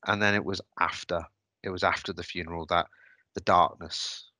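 A man's voice: deep voice, steady tone, normal speed, bright, forceful tone, dry recording. A man telling a personal story on a podcast, hesitant and reflective, often restarting his sentences. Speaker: podcast host.

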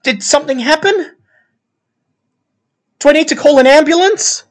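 A man voicing a female bartender who frets quickly over what happened. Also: very high voice, voice pushed up. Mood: concerned. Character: female bartender, anxious and fussy.

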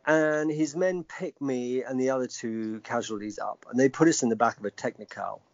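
A man's voice: medium pitch, normal speed, dry recording. A middle-aged man telling a personal story as an interview guest, emphatic and reflective. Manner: emphatic, reflective, acts out quoted speech. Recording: dull lo-fi dry recording.

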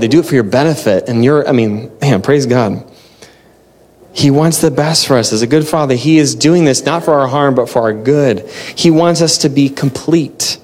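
A man's voice: on the high side, darkish tone. A man preaching a casual, conversational sermon, chatty and self-interrupting, laughing often as he talks. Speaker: pastor.

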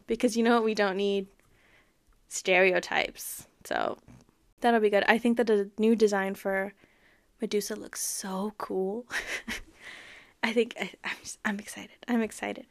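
A woman's voice: medium pitch, fairly bright tone. A woman hosting a podcast, giving a casual, chatty recap of a book and its TV show, often breaking into laughter. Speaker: podcast host.

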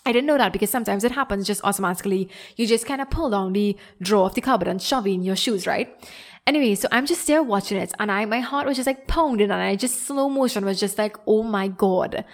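A woman's voice: medium pitch, quick pace. A young adult woman hosting a podcast, telling a story in a rambling casual way, full of fillers, laughing often. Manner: rambling, filler-heavy, animated retelling with frequent laughter. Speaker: podcast host.

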